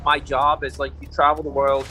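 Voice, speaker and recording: Bright-voiced man chatting from a coffee shop. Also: a little high, monotone, moderate pace, soft background music. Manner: warm-hearted, rambling, lots of fillers like you know. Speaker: actor guest. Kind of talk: casual interview. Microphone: video call.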